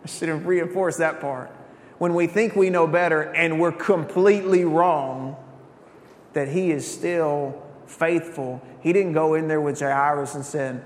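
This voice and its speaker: A man's voice: fairly even intonation, a little slow. Man preaching in an echoey church. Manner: conversational, storytelling preaching with asides to the congregation. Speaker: pastor. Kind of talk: sermon. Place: church sanctuary. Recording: echoey church hall, faint rumble.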